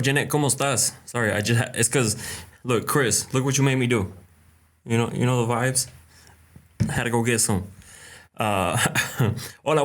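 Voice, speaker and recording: A young man chats casually on a live stream, calling out viewers by name one after another. He is relaxed and talkative, at an ordinary middle pitch, and mixes in quick Spanish greetings. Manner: drops in short Spanish greetings. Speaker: live-stream host answering viewer questions.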